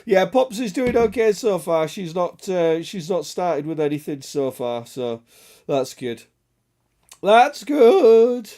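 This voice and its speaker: A man with a hoarse, raspy throat from illness, chatting casually and greeting viewers on a game stream, joking and swearing. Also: a little high, measured pace, mellow. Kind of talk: casual live-stream chat.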